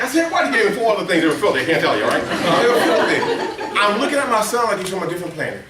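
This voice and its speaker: A man's voice: very fast, hardly any pauses, recorded from a distance, over a noisy crowd, very noisy. A middle-aged man presenting a workplace training seminar to a live room, telling stories and asking the audience questions. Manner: storytelling, asks the audience questions, acts out quotes in a high excited voice. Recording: echoey room, speaker away from the mic.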